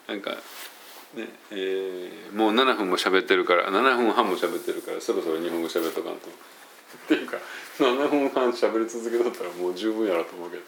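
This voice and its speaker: Low, gravelly Kansai Japanese man. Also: quick pace, fairly bright tone, slight background noise. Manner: hesitant, many fillers and self-corrections. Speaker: university English teacher. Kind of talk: casual solo monologue. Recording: roomy echo.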